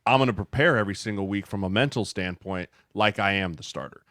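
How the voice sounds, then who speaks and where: A man co-hosting a casual podcast who lays out his arguments in a measured way, with casual slang. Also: fairly low pitch, a bit bright, no room sound, clean studio sound. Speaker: podcast co-host.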